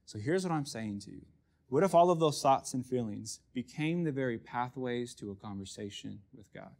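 A man preaching a sermon as pastor, conversational and self-deprecating, often dropping to a hush for emphasis. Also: mid-range voice, animated, normal speed, gravelly.

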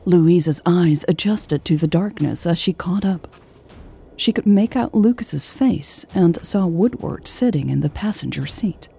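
A woman reading an audiobook as its narrator, in a measured, even way. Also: lowish voice, creaky, husky.

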